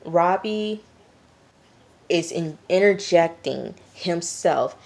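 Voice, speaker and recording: A woman's voice: lowish voice, animated, very slow, gravelly, darkish tone. A woman vlogger casually recapping a TV episode, chatty and blunt, with lots of "like". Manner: chatty and blunt, heavy use of "like". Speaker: TV review vlogger.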